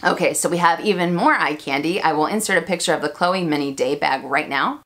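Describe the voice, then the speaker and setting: Her voice is low-pitched and fairly bright, and she speaks a little fast. She's a chatty American luxury handbag YouTuber hosting a casual Q&A vlog, laughing often and joking at her own expense.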